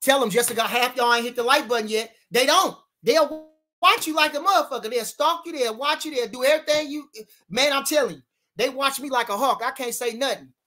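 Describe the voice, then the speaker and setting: A man's voice: very high voice, a little fast, bright, forceful tone. A man hosting a casual livestream about boxing. He reads viewer comments aloud and answers them in brash, boastful street slang, repeating lines for emphasis.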